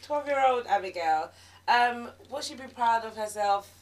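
Supportive woman, higher voice. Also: expressive, poor audio. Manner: supportive, quick affirmations. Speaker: podcast co-host. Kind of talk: casual podcast chat.

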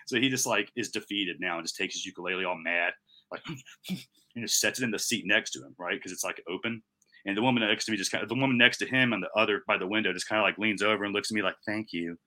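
A man co-hosting a casual podcast, telling a long story in rapid bursts and cursing freely. His voice sits fairly low but comes across bright and forceful. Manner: profane, animated storytelling. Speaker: podcast co-host. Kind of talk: casual chat.

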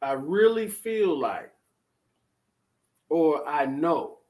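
A man commentating casually on a live stream, blunt and animated, talking straight to his viewers and chat. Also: on the high side, very slow. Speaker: vlogger reacting to live chat.

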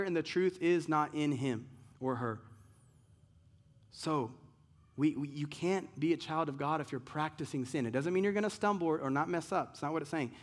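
A male pastor preaching a sermon, stressing key words slowly and swinging between loud emphasis and quiet asides. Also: on the high side.

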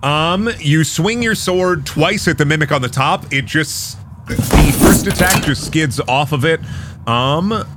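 A man narrating as game master of a tabletop game, relaxed and full of ums and uhs. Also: on the high side, unhurried, background noise. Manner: relaxed, with frequent fillers.

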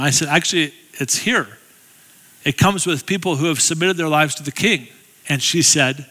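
A man's voice: a little high, brisk, sharp tone, in a large hall. A middle-aged man giving a guest sermon in a church, telling a story in a chatty, self-deprecating way with humorous asides. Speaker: guest speaker. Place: church sanctuary.

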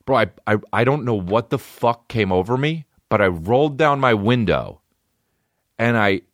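A man's voice: mid-range voice, lively intonation, normal speed, no echo, clean studio sound. A man in his thirties hosting a podcast, telling rambling, profane, self-deprecating stories in a casual comedic way. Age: 30s. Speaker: podcast host.

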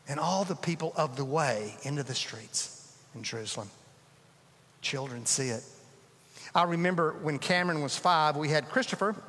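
A middle-aged man, a pastor telling stories in a sermon, swinging from dramatic rises to hushed drops. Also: fairly high pitch. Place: large church sanctuary. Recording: reverberant church hall.

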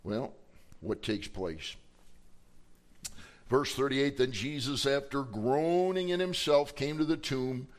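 A pastor delivers a Sunday sermon in a church sanctuary, acting out the story's characters with dramatic voices. His mid-range voice moves slowly, with frequent pauses.

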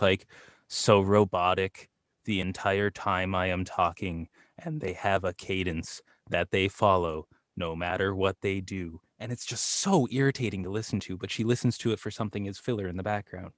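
A soft-spoken man, a voice actor, talking about his work as a podcast guest. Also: fairly low pitch, no echo, studio quality. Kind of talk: casual interview chat.

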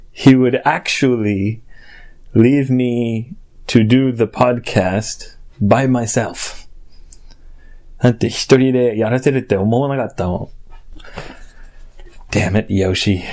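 A man's voice: medium pitch, darkish tone. A man hosting a podcast alone, talking in a casual, playful way, switching between sulky grumbles and muttered asides. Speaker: podcast host. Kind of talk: bilingual casual podcast chat.

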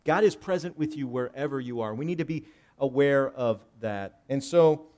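A male pastor preaching a sermon, swinging between loud emphatic lines and hushed low ones, reading scripture and explaining it conversationally. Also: lively intonation, normal speed. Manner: reads scripture aloud and paraphrases it conversationally.

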